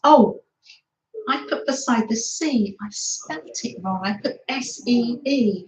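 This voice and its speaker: A woman hosting a chatty craft livestream by the seaside, gentle and affectionate as she greets viewers by name. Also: a little high, slow pace, a little hiss or hum. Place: by the seaside, away from her desk. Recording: roomy, dull lo-fi sound.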